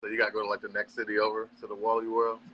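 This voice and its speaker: A man's voice: fairly low pitch, monotone, very fast, no room sound, lo-fi sound. A man co-hosting a casual podcast, laid-back and profane, laughing along.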